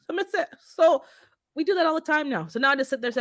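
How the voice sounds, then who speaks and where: A woman's voice: sits high, expressive, fast talker, no echo, studio quality. A woman hosting a casual chat, telling stories animatedly and acting out her phone calls. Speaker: channel host.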